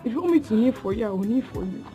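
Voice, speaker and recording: A woman's voice: a little high, expressive, very fast, warm tone, soft background music, close to an everyday voice. An actress with a Nigerian accent playing a grieving young woman who keeps begging for more time to pay a debt. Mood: pleading. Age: young adult. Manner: pleading, imploring. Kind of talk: Nollywood film acting. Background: film score.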